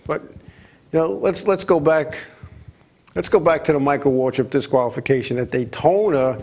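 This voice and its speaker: Gravelly man telling racing stories. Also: fairly high pitch, moderate pace. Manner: rambling and animated, stumbles and repeats words, often acts out other people's lines. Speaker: racing talk show host. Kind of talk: casual talk-radio storytelling.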